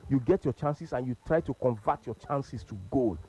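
A man's voice: medium pitch, moderate pace, slightly rough. A man with a Nigerian accent hosting a radio sports call-in show, chatting casually in English and Pidgin with lots of fillers. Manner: relaxed, frequent hums and laughs. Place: radio studio.

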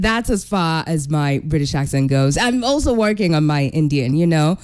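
A chatty woman hosting a radio show, her voice sitting a little low but swinging widely up and down. She keeps laughing at herself as she talks. The studio sound is close and dry, with no room echo. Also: lively intonation, moderate pace, few pauses, a little mellow. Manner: giggly, self-mocking, chatty. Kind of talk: casual on-air radio chat.

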